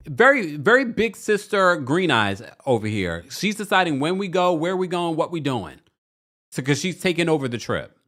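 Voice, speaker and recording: With a mid-range voice, a man hosts a chatty reality TV recap, speaking directly to his viewers in a sassy, animated way. This is casual commentary, and he acts out people's quotes by shifting into different voices.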